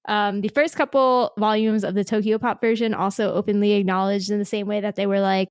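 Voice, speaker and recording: A woman's voice: mid-range voice, steady tone, brisk, clear, resonant tone, no echo, clean studio sound. A woman hosting a podcast in casual chat. She laughs often and acts out quotes in exaggerated voices. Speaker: podcast host.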